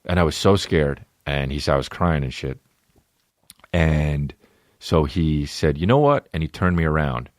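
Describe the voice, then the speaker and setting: A man hosting a podcast, telling a funny family story and acting out a scared child in a high voice. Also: steady tone, a little slow, no echo, studio quality. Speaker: podcast host. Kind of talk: solo comedic storytelling.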